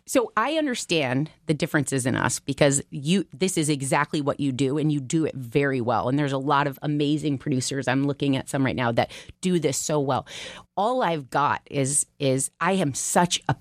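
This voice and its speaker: A woman in her forties with a low-pitched voice tells stories in a casual podcast chat, open and emotional. The sound is dry and close, with no room around her. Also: moderate pace, no room sound. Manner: emotional, animated storyteller with laughs. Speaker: talk show co-host.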